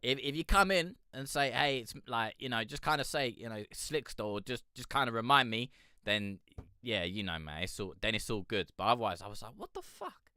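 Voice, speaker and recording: A man's voice: mid-range voice, fairly quick, sharp tone, smooth, no room sound, studio quality. A man hosting a live music review stream, chatting casually with a rambling, swearing, easily amused manner as he answers viewers.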